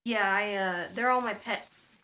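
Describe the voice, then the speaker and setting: A woman's voice: medium pitch, measured pace, pushed and bright. A woman in her twenties from the United States, chatting casually as a streamer while she works at home, thinking aloud with lots of fillers. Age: 20s. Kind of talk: casual explaining while working.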